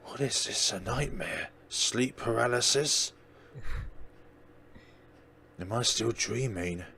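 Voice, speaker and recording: A man's voice: mid-range voice, takes it slowly, creaky, pushed and bright, a little hiss or hum, full character voice. A man voicing a shy, awkward teenage boy writer in a horror game, hesitant and apologetic. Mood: despairing.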